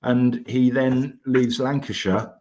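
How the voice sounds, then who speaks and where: A man's voice: medium pitch, steady tone, slow pace, a little mellow. Blunt, exasperated man from Bedfordshire. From Bedfordshire, England. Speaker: podcast co-host. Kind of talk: casual football podcast chat.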